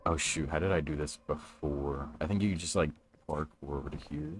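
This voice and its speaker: Deep-voiced laid-back young male streamer. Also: fairly even intonation, fairly quick, a little hiss or hum. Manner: laid-back, chatty, greets viewers while playing. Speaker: livestreamer. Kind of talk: casual gaming livestream chat. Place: his room at home. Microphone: stream microphone.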